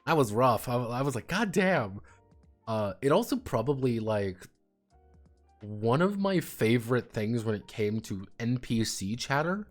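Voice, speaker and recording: A man's voice: mid-range voice, moderate pace, soft background music. A man streaming and chatting casually about games, rambling and swearing freely. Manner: rambling, profane, animated. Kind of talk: casual livestream chat.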